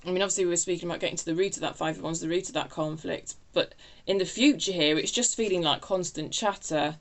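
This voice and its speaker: A woman's voice: lowish voice, quick pace. A woman giving a casual tarot reading, chatty and self-interrupting, laughing at her own remarks. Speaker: tarot reader.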